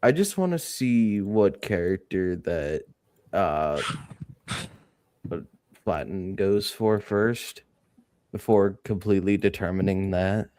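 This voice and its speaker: Guy chatting on a stream, lowish voice, dry close mic, cusses a lot. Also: expressive, takes it slowly, long pauses, mellow, no room sound. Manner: swears a lot, laughs easily. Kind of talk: casual chat.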